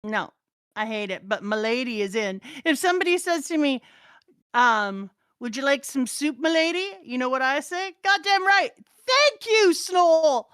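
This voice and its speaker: A woman's voice: high-pitched, expressive, moderate pace, a bit bright, smooth, dry recording, studio quality. A middle-aged woman, the host's mother, chatting casually in a blunt, profane, laughing way. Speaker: co-host, mother of the host. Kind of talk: casual chat reading chat comments.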